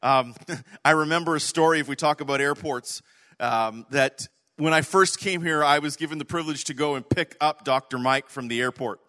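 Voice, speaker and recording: A man preaching a sermon, telling an animated story, swinging from loud to hushed. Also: on the high side, moderate pace. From Canada. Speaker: pastor.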